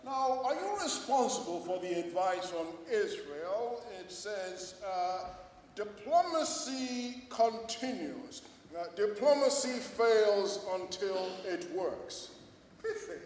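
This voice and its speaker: Guy doing a smug news interviewer in a live sketch, high-ish voice, slow, echoey church hall from far off. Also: very animated, a little mellow, a little hiss or hum, full character voice. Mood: probing. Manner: dry, mock-serious questioning. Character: pompous male late-night news interviewer, probing and dry. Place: large old church used as a cabaret venue.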